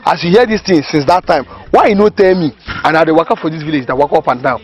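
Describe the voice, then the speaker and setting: A man's voice: on the high side, quick pace, highs cut off, close to an everyday voice. An actor playing an indignant village man in Nigerian Pidgin who vows revenge on his accuser. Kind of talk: comedy film acting.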